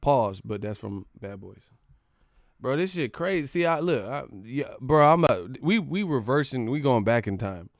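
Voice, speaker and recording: A man who runs a boxing channel goes on a casual comedic rant full of profane jokes, rambling asides and laughs. His medium-pitched voice has lively intonation and a normal pace, captured in clean studio sound with no echo.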